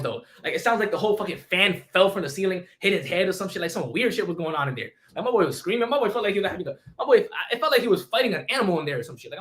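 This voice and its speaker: Young guy ranting a story on stream, super fast, kinda high voice, swears a ton. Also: fairly bright tone. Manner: rapid, profane slang, lots of repeats and restarts.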